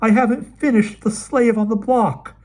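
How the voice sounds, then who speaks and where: Male reader as a distraught young woman painter in a read-aloud story, raised pitch, husky. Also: wildly swooping pitch, slow pace, warm tone, full character voice. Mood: distressed. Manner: crying out, pleading.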